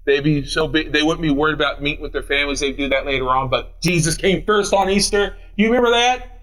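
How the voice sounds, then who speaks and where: A man's voice: a little high, quick pace, a bit bright. A man preaching an Easter sermon as pastor, running through scripture references with rising emphasis. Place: church sanctuary.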